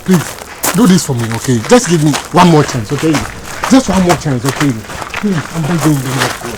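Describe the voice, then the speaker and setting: A man's voice: a little high, expressive, normal speed, over a noisy crowd, heavy background noise, natural voice. An actor with a Ghanaian English accent playing a young man who keeps begging his girlfriend for another chance. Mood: pleading. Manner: pleading, begging. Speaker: Papa J, a pleading boyfriend. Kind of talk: comedy drama web series acting.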